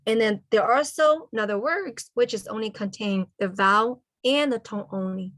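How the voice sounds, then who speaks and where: A woman teaching a language class over a video call. She spells out letters and sounds slowly and keeps checking in with "okay?" after nearly every point. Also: a little high, fairly bright tone, no room sound. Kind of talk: online language lesson.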